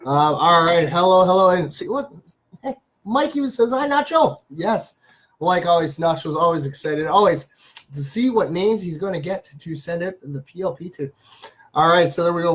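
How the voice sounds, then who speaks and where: A man's voice: a little high, a bit bright, rough recording. A man hosting a casual live stream, greeting viewers by name and rambling through facts with many fillers. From Canada. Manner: reads viewer names and greets them. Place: small home studio.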